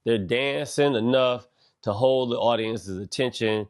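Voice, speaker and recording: A middle-aged man hosting a podcast, delivering a loose, animated monologue full of slang and swearing. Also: medium pitch, measured pace. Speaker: podcast host. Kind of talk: casual monologue.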